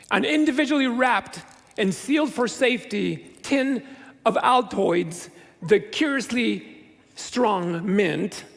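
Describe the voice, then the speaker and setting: A male pastor preaches to a graduating class, slipping in light jokes and asides to the crowd. His voice sits fairly high with a gravelly edge. It carries through the long, ringing reverb of a large church. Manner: playful, joking asides to the audience. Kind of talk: sermon.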